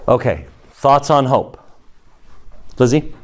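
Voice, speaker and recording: A man of ordinary pitch teaches a classroom lesson. He speaks with emphasis and energy, calling on students by name and urging them to read aloud. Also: animated, slow. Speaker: religion teacher.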